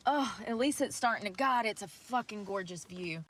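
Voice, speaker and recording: A woman's voice: medium pitch, expressive, normal speed, fairly bright tone, slight background noise. A breathless woman, rambling and cursing freely as she vlogs live outdoors in the snow by a river on a handheld phone. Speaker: vlogger. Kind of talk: casual livestream chat.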